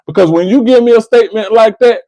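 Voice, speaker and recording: A man with a high, fast, dark-toned voice hosts a call-in debate stream, recorded with no room sound and poor audio. In this argumentative discussion he lectures the caller, repeatedly saying the caller's name and restarting his words.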